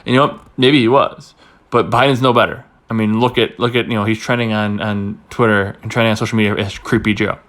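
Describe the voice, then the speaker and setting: A man's voice: lowish voice, steady tone, a little fast, a bit bright. A man hosting a political commentary podcast, talking in a rambling, heated way and repeating himself. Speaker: podcast host.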